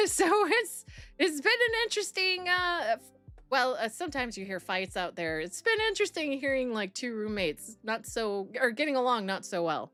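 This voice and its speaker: Woman, young adult, casual live-stream chatter, rambling, laughs often, medium pitch. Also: big pitch swings, moderate pace, a bit bright, soft background music. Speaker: streamer reacting to videos and reading chat.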